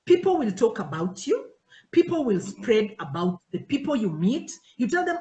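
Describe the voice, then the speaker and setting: The rough recording, made in an echoey room, captures a fairly high-pitched woman speaking at a moderate pace. A pastor's wife, she teaches her worship team informally and animatedly acts out conversations in different voices.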